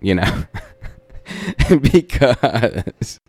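A man's voice: medium pitch, very animated, very slow, a little mellow, husky, no echo, studio quality. A young man hosting a podcast, telling a rambling story in a laid-back, profane way with lots of fillers. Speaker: podcast host.

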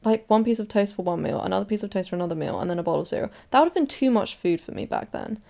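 Chatty young woman, gravelly. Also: medium pitch, animated, racing, dark tone. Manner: chatty, gushing, full of "like" and restarts. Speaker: podcast host. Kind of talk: casual chat.

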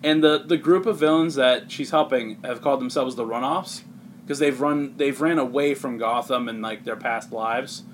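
A man's voice: mid-range voice, normal speed, slight background noise. A man casually recapping a comic for friends, rambling with lots of filler words. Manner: rambling, heavy use of "like", laughs often. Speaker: podcast host recapping a comic. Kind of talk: casual chat.

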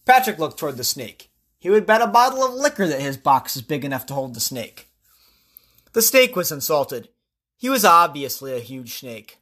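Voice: medium pitch, very animated, normal speed, fairly bright tone. A podcast storyteller retelling legends, breaking in with casual asides to the listener. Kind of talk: storytelling narration.

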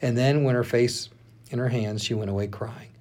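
A male pastor reads scripture aloud for a podcast, at a mid pitch for a man. He reads with lively, shifting expression and stops now and then to check a name. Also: moderate pace.

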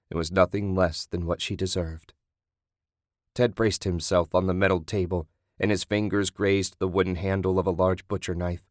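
Low-voiced man narrating horror. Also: dry recording, studio quality. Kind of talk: scripted horror audiobook narration.

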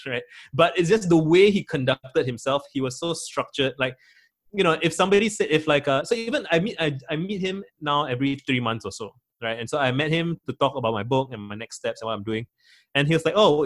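A young man, talking as a guest in a casual interview, rambling with many fillers and restarts. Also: mid-range voice.

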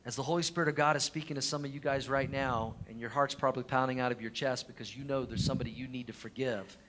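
A middle-aged pastor preaches with earnest feeling, telling his own story to the congregation. His voice sits at an ordinary pitch for a man and often sinks to a quiet hush when he speaks of hurt and love. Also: fairly even intonation, fast, a little hiss or hum. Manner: earnest personal storytelling, drops to a soft hush at emotional points. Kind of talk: sermon.

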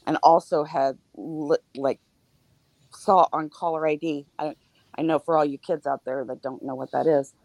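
A middle-aged woman on a podcast panel, telling a personal story in casual chat with halting starts and fillers. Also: deep voice, fairly even intonation, darkish tone, dry recording.

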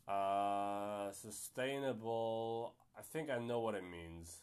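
A man's voice: on the low side, slow, few pauses, darkish tone, clean tone. A man hosting a solo podcast, talking casually and thinking aloud, often unsure of himself. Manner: chatty and self-doubting, thinking aloud. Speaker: podcast host.

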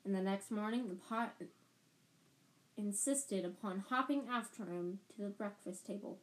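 A woman's voice: mid-range voice, normal speed, poor audio. A woman reading a storybook aloud, often stumbling and restarting words. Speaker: podcast storyteller.

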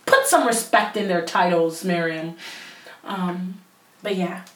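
A woman's voice: lowish voice, takes it slowly, fairly bright tone, reverberant, recorded from a distance, low-quality recording. A young woman hosting a casual solo podcast, rambling and self-mocking with lots of fillers, on a headset mic. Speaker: podcast host.

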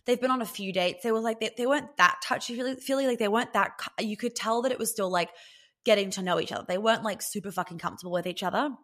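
A woman's voice: mid-range voice, a bit bright. A woman hosting a podcast as a relationship coach, talking casually and bluntly, swearing freely and filling her speech with "like". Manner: chatty and blunt, swears freely, many "like" fillers.

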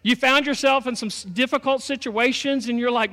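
A man's voice: very high-pitched, fairly even intonation, a little fast, bright, forceful tone, long reverb tail. A man from Texas, preaching a sermon in a folksy, storytelling way with touches of humor. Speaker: pastor.

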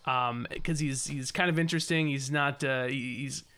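Bright-voiced man chatting casually. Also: mid-range voice, steady tone, moderate pace, clean tone. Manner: laughing, loose and rambling. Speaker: podcast co-host. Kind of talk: casual chat.

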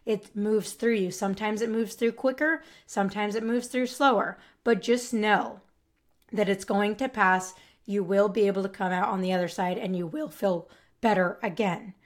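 A woman's voice: medium pitch, fairly even intonation, moderate pace. A woman hosting a casual solo podcast, speaking earnestly and reassuringly straight to the listener, often tagging her sentences with "right?" and "like". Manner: frequent "right?" and "like" tags. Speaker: podcast host.

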